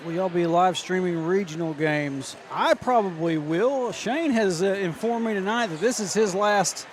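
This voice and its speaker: A man's voice: sits high, moderate pace. A man co-hosting a local basketball stream, chatting loosely with fillers between plays. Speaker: color commentator and stream host. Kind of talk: casual broadcast chat. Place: high school gym. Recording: gym noise clearly behind.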